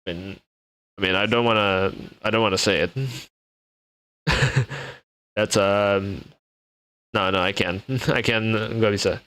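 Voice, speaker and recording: A man's voice: lowish voice, steady tone, measured pace, pauses often, sharp tone, no echo. A young man from Indonesia chatting casually with his live-stream viewers, laughing often and restarting his sentences.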